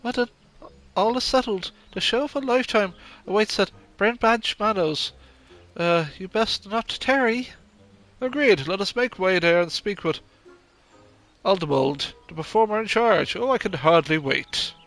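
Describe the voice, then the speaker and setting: A man's voice: high voice, a little slow, fairly bright tone, soft background music. A man voicing a formal, eager adventuring companion, reading game dialogue in old-fashioned phrasing.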